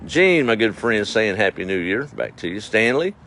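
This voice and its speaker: A man's voice: fairly low pitch, big pitch swings, normal speed, fairly bright tone. A middle-aged man, hosting a casual outdoor livestream and reading viewer comments in a folksy, drawling way with frequent chuckles. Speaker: livestream host. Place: outdoors at dusk. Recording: faint outdoor noise with passing vehicles.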